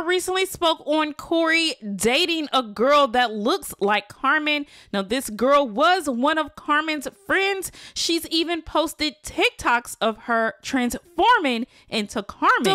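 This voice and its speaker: A woman hosts a gossip show with a high, bright voice. She speaks straight to her audience in a chatty, conversational way. The sound is dry and close, as if recorded on a mic right in front of her. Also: dry recording. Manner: chatty, addresses viewers directly. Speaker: gossip channel host. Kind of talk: celebrity gossip commentary.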